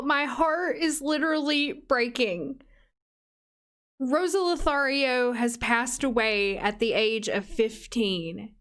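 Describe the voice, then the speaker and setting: A woman hosting a let's play, giving chatty, expressive gameplay commentary. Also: on the high side, smooth.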